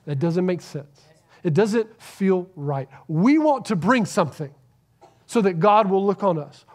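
A man preaching a sermon to a church congregation, earnest, swinging between loud emphasis and hushed, near-whispered lines. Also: sits high, normal speed. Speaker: pastor.

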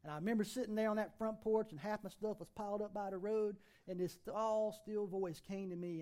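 A man's voice: sits high, fairly even intonation, brisk, few pauses, darkish tone. A middle-aged man preaching a sermon as pastor, folksy and conversational, with plenty of rhetorical questions.

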